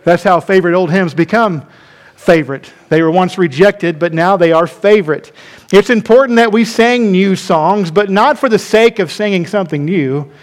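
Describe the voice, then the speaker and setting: A man's voice: sits high, normal speed. A male pastor preaching a sermon, stressing points by repeating phrases and calling the congregation to respond.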